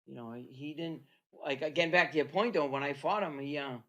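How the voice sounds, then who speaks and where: American guy in his 50s, podcast guest, rambles through stories, voice a touch high. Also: fairly quick, bright, forceful tone, lo-fi sound. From United States. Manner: rambling storyteller, repeats "you know what I mean", acts out quotes. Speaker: guest, former boxer. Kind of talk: casual podcast chat.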